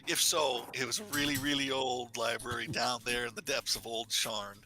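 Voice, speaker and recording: Bright, tense-voiced man running a game. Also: mid-range voice, flat delivery, normal speed, soft background music, rough recording. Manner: rambling, hesitant, looks up rules mid-sentence. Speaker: game master. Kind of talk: narrating a tabletop game.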